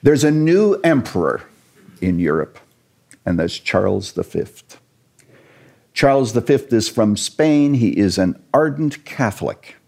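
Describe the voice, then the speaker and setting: A man telling a church history story to an interviewer, earnest and animated, with a few jokes. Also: medium pitch, measured pace, creaky. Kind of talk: storytelling lecture in conversation.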